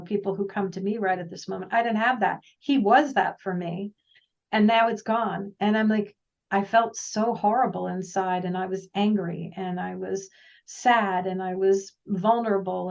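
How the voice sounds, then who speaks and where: A woman speaks as a guest, telling her story in a rambling, animated way and slipping into the voices of the people she quotes. Her voice sits at a middle pitch and sounds set back from the mic. The sound is dull and lo-fi. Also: recorded from a distance. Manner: animated, rambling, often acts out quoted dialogue. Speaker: guest, intuitive practitioner. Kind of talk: casual personal storytelling.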